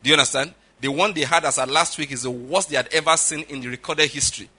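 A man's voice: on the high side, steady tone, fast, pushed and bright, slightly rough. A middle-aged man preaching a sermon as pastor, emphatic and often checking with his listeners. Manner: emphatic, repeats "all right?" and "do you understand?" to the audience.

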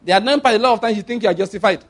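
Higher-voiced man preaching a conversational sermon. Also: rapid-fire. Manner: repeats phrases for emphasis, swings from soft to loud.

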